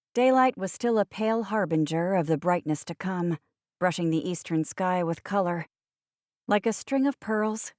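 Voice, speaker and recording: A woman narrates a first-person audiobook in a low-set voice, dropping wry, sardonic asides. The close studio recording is bone dry. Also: darkish tone, no echo.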